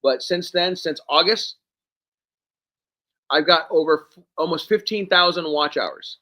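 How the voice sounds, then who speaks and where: A man hosting a live stream, hoarse from hours of talking, thanking viewers one by one by name. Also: a little high, unhurried. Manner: thanks viewers by name, rambling and warm-hearted. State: hoarse, losing his voice. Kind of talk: casual live stream chat.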